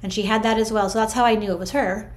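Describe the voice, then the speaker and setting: A middle-aged woman telling viewers a personal spiritual story in a chatty, animated way, full of "like" and "I'm like". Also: medium pitch, quick pace. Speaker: vlogger sharing a spiritual story.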